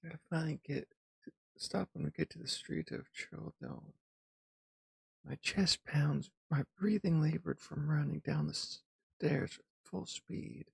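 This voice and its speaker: Gravelly man reading a game aloud. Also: a little high, lively intonation, unhurried, a little mellow, dry recording. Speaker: streamer. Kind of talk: reading a visual novel aloud.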